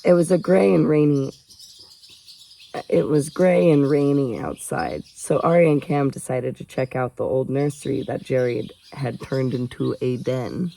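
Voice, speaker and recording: A man reads a novel aloud casually, breaking off for chatty asides and laughing off his own stumbles as an audiobook reader. His mid-range voice is warm with vocal fry, and the recording quality is low.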